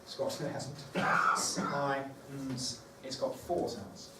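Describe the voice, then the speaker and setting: A man's voice: on the high side, expressive, normal speed. Man giving a workshop in an echoey room. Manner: conversational, thinking aloud with fillers. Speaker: teacher trainer. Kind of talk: workshop talk to teachers. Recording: echoey room, far from the mic, background noise.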